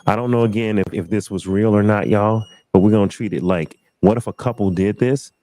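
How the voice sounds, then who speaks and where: A man hosts a casual live discussion, his voice low and mellow. He keeps putting questions to the panel in a loose, chatty way. The sound is dry. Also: fairly even intonation, brisk, no echo. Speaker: live stream host.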